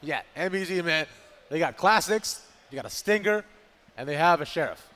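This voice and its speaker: Dramatic male esports co-caster, higher voice. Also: moderate pace. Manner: dramatic, animated calls with playful asides. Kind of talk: live play-by-play commentary.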